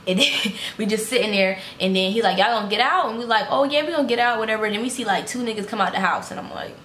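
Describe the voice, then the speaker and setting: A young adult woman telling a casual storytime vlog, animated, acting out quotes in high voices and swearing freely. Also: fast talker. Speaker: vlogger. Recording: echoey room, faint background noise.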